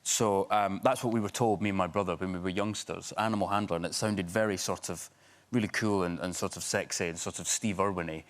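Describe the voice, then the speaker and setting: A Scottish actor telling anecdotes on a chat show sofa, chatty, with plenty of false starts. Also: male voice, low-pitched, steady tone, brisk. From Scotland. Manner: chatty storyteller, many restarts. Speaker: actor guest.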